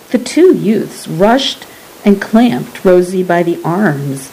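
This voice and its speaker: A woman reading a story aloud as narrator, in a measured, deliberate way. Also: on the low side, sing-song, mellow, breathy edge, rough recording. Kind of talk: scripted audiobook narration.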